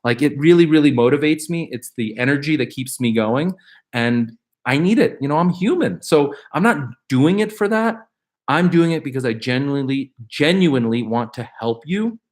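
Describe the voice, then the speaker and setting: A man's voice: on the high side, normal speed. A middle-aged man hosting a live question-and-answer stream, chatting casually and with rambling energy, reading out viewer questions and answering them. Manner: animated, upbeat, rambling with fillers and restarts; reads viewer questions aloud.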